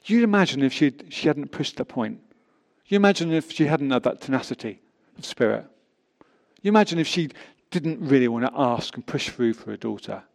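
A man's voice: medium pitch, lively intonation, fairly quick, vocal fry. A man preaching a sermon, reading scripture aloud with emphatic rises and drops.

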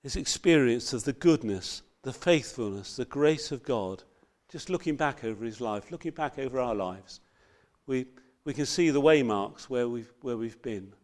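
A man's voice: mid-range voice, lively intonation, moderate pace. Earnest man preaching a sermon. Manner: earnest, rising to loud emphatic scripture quotes.

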